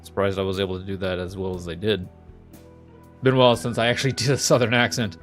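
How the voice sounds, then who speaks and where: A man's voice: fairly low pitch, little pitch movement, quick pace, soft background music. A man casually commenting while playing a video game, chatty and self-amused. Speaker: let's play host.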